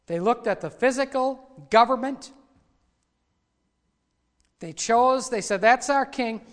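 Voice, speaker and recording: A man preaching a sermon, retelling the story dramatically and voicing the quoted lines louder. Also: very high-pitched, slow. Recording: long hall reverb.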